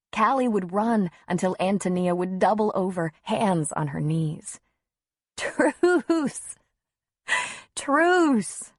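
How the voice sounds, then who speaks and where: Woman reading an audiobook, low gravelly voice, dry close sound, calm and measured. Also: no room sound. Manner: measured, even storytelling. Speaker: audiobook narrator. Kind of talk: scripted narration.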